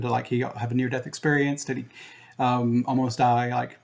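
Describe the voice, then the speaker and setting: A man's voice: mid-range voice, little pitch movement, brisk, creaky, a little mellow. A man co-hosting a casual movie podcast, working through his ideas aloud in a rambling, hedging way. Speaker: podcast co-host.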